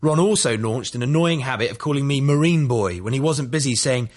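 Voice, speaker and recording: A man's voice: medium pitch, a little fast. Matter-of-fact man reading a memoir. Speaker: memoir narrator. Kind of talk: audiobook narration.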